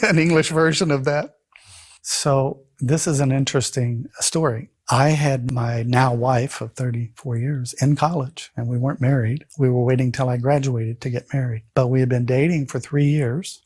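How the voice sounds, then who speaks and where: A middle-aged man from the United States telling his own story in a casual, animated way, acting out the voices of the people he quotes. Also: mid-range voice, no echo.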